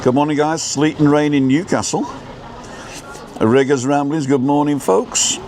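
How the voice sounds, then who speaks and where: A man's voice: fairly high pitch, measured pace, darkish tone, slight background noise. A man co-hosting a casual live stream, greeting viewers by name in a chatty, playful way. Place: outdoors in Tenerife.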